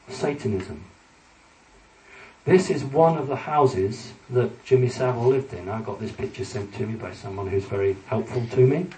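A man's voice: medium pitch, dark tone. Man lecturing in an echoey hall. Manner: earnest, emphatic, warning the audience. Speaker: lecturer addressing an audience. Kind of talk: public talk with slides. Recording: echoey hall, distant mic, faint ambience.

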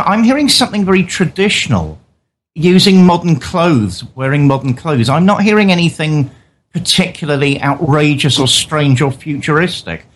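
A man interviewing a guest, asking polite, measured, probing questions. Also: a little high, slight background noise. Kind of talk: interview conversation.

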